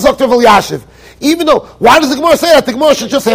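An American man, a rabbi giving a Torah lecture in a yeshiva study hall, animated and full of rhetorical questions. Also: extremely high pitch, fairly quick, pauses often. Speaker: rabbi teaching a Torah class.

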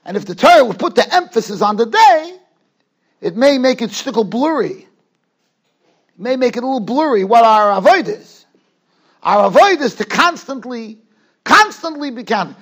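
New rabbi, very high and lively voice, emphatic lecture style, builds points by repeating himself. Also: male voice, normal speed, pauses often. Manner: emphatic, rises to near-shouts on key points; mixes Hebrew and Yiddish terms into English. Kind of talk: Torah lecture. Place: yeshiva study hall.

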